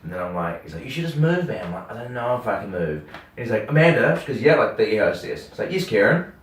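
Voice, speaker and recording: A young man with a New Zealand accent, a radio host telling a story in casual chat, animated and acting out the dialogue, swearing freely. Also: fairly low pitch, quick pace, a little hiss or hum. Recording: roomy sound from a distant mic.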